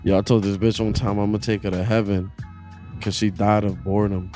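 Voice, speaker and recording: A young man co-hosting a podcast, delivering deadpan crude jokes in casual banter. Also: fairly low pitch, a little fast, soft background music. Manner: deadpan one-liners, laughs a lot. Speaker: podcast co-host.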